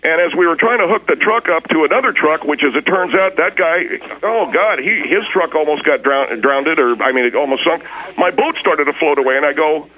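A hapless, defensive small-town man, played by a man in a radio comedy bit. He rambles on and keeps justifying himself. His voice is bright and sits a touch high. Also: lively intonation, fairly quick, rough recording. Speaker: recurring comedy character on a radio show.

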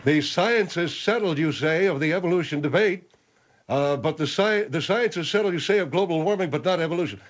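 A man voicing a pompous, indignant general with a squeaky, lisping voice that keeps cracking. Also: a little fast, lightly acted. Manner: indignant, blustering. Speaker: comic radio character.

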